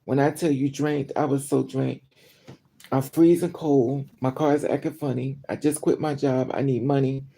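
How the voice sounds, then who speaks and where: Raspy woman with a low dark rumble, livestreaming and telling a story, gets loud and worked up. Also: normal speed. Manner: chatty, animated retelling with rising outbursts. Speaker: livestream host. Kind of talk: casual storytelling.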